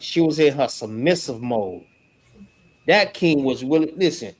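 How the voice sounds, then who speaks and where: Slow-talking man teaching scripture. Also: on the high side. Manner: animated, slangy, laughs often. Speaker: religious teacher.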